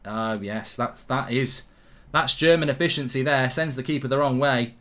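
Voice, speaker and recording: A man hosting a live football watchalong stream, commentating excitably, swearing casually and ranting in bursts. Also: mid-range voice, moderate pace.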